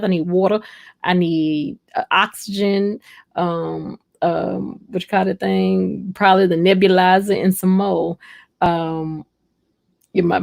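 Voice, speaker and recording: A woman with a fairly low, darkish voice and some vocal fry hosts a casual livestream. She reads viewer comments aloud and answers them in a rambling, chatty, heartfelt way, speaking straight to her viewers.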